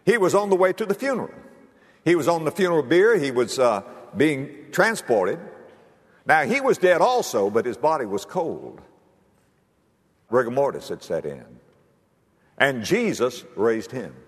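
A man preaching a sermon, telling stories and acting out the voices, swinging between loud and hushed. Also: mid-range voice, sing-song, measured pace, long pauses, husky. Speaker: pastor. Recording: hall reverb.

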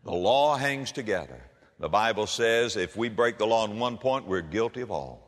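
A man's voice: on the low side, animated, moderate pace, fairly bright tone. A man preaching a sermon in a folksy storytelling manner, with humor, addressing listeners as friends. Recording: reverberant hall.

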